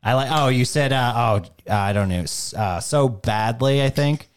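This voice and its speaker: A man's voice: medium pitch, expressive, normal speed, a loud crowd. A man hosting a podcast, bantering casually with profane jokes. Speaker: podcast host. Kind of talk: casual chat.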